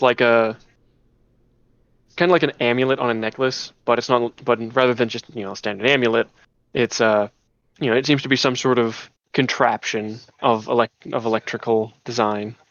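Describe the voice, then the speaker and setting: A man's voice: medium pitch, fairly bright tone, no echo, dull audio. A man narrating a tabletop game as game master, rambling with many restarts and fillers. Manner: rambling, full of "you know" and restarts.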